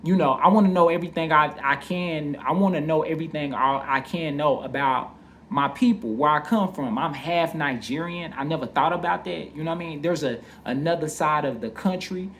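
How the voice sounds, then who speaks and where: A man's voice: on the high side, a little fast, fairly bright tone, a little hiss or hum. A man casually telling a personal story, candid and profane, full of "you know what I mean.".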